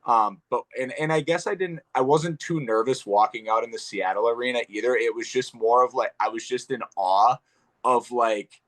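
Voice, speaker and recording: A young man and guest fighter talking casually in an interview, relaxed and rambling with lots of fillers and the odd swear. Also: medium pitch, moderate pace.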